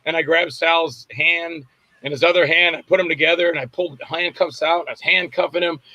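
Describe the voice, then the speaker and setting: Older man telling animated stories. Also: fairly high pitch, fairly quick, dry recording, highs cut off. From Florida, US. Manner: rambling storyteller acting out quotes. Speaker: guest actor and filmmaker. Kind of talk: casual anecdotal interview.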